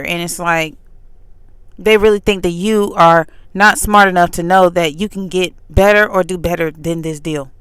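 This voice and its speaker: A woman's voice: lowish voice, a bit bright, smooth, dry recording. A woman vlogger telling a story in a candid, chatty way, with pointed retorts. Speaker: faith vlogger. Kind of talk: casual storytelling monologue.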